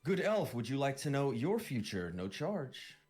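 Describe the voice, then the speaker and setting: A man voicing a cryptic fortune-teller who speaks in mysterious, drawn-out pronouncements. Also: medium pitch, big pitch swings, a little mellow, soft background music, pitched above the performer's own voice.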